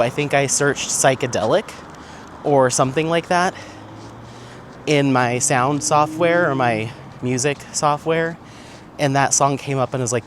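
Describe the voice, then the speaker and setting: A man's voice: on the high side, fairly bright tone. A man hosting a casual vlog while walking outdoors, chatting and laughing often as he reads out viewer comments. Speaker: vlog host. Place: outdoors on town streets. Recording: street noise, outdoor recording. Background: faint street and traffic sounds.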